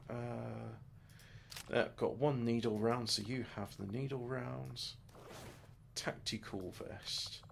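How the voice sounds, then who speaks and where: A man's voice: medium pitch, steady tone, takes it slowly, creaky, a little hiss or hum. A man muttering his way through a game in casual let's play commentary, with crude offhand jokes. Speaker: gamer.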